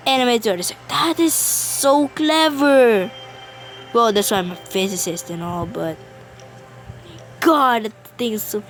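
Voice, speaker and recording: A young woman giving casual let's-play commentary, excitable and talking back at the game's characters. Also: on the high side. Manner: excitable, talks to the game characters. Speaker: gamer.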